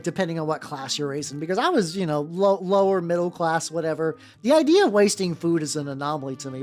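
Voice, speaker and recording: A VTuber streamer with a medium-pitched, slightly mellow voice rambles and swears through casual livestream chat while painting miniature terrain, restarting often. There is faint music in the background.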